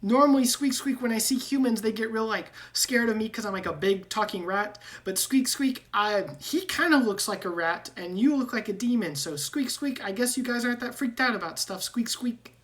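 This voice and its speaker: A woman voicing a nervous male rat person who squeaks between his words while playing a tabletop game. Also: moderate pace, few pauses, natural voice. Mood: worried. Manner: peppers every phrase with squeaks.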